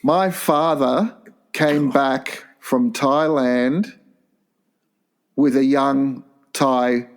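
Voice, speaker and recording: Slow, crude-talking man co-hosting a comedy podcast. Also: mid-range voice. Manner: crude, rambling, reads out listener letters. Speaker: podcast co-host. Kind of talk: casual comedy chat.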